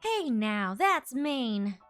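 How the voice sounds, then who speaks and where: A woman's voice: fairly high pitch, very animated, drawn-out words, fairly bright tone, clear, resonant tone, soft background music, exaggerated voice. A woman reading a teasing young woman. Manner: teasing, fond. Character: teasing young woman leaving her friend.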